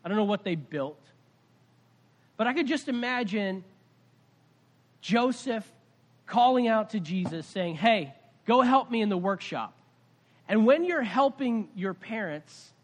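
A pastor preaching a conversational sermon, telling a story with swings between loud and soft. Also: male voice, high voice, expressive, unhurried, pauses often.

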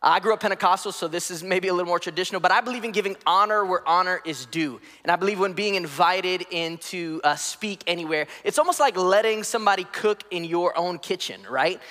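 A high-pitched man preaches in a church auditorium, with long echoes trailing his words through the hall. He is from the DC area and keeps things playful, teasing the congregation and joking between points. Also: bright, forceful tone. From DC area, United States. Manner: playful, joking, acts out voices in anecdotes. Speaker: guest preacher. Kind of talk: sermon.

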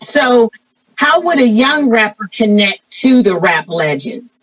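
A woman's voice: a little high, animated, fairly bright tone, no room sound, distant mic. A woman hosting an interview, asking questions and reflecting in an earnest, thoughtful way. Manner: earnest and thoughtful, drawn-out remarks. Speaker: interviewer host. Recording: dry, muffled audio from off-mic.

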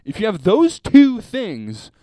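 Young male co-host, animated and jokey, dry close-mic sound. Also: high voice, slow pace, no echo. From Canada. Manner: animated, jokey, swears freely. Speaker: podcast co-host. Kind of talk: casual chat.

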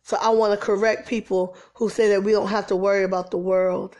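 A woman preaching an informal sermon, swinging from exasperated emphasis to soft, near-whispered lines. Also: medium pitch, level tone, fairly quick, hardly any pauses.

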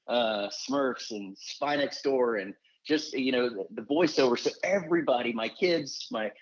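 A man with a husky voice hosts a relaxed podcast interview. He rambles and restarts his sentences often. The sound is somewhat muffled. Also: mid-range voice, unhurried. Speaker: podcast host. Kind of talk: casual interview chat. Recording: dull lo-fi sound.

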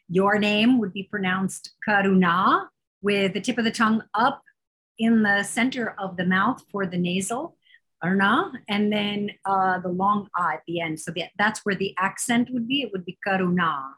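Woman, podcast guest, breathy voice, patient and careful explanations. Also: medium pitch, unhurried. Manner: careful, explanatory, warm laughter. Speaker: Sanskrit teacher, podcast guest. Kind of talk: casual podcast interview.

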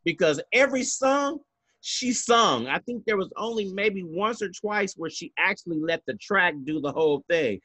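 A man's voice: high voice, animated, moderate pace, bright, forceful tone, no room sound. A man co-hosting a podcast in casual chat, sassy and emphatic, cursing freely. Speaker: podcast co-host.

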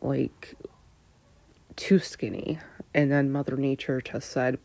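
A woman in her thirties candidly answering personal questions, hesitant and full of pauses, sometimes dropping into a breathy near-whisper. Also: a bass voice, darkish tone, no room sound.

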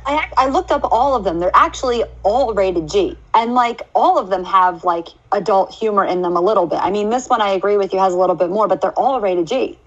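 Husky-voiced woman interviewer. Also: medium pitch, brisk, hardly any pauses. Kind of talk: casual interview. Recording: lo-fi remote call audio.

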